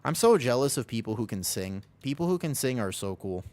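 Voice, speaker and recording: A man's voice: medium pitch, very animated, a little fast, a little mellow. A man streaming casually from home, rambling and joking about himself while reading his chat. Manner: rambling, self-deprecating, reads chat aloud. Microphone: desk microphone.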